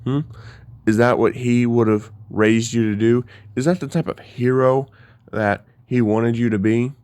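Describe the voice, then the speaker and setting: A man's voice: mid-range voice, fairly even intonation, measured pace, darkish tone, clear, resonant tone, no echo, lightly acted. A man voicing a grim, vengeful young male hero who lectures intensely, in a storytelling retelling. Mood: lecturing.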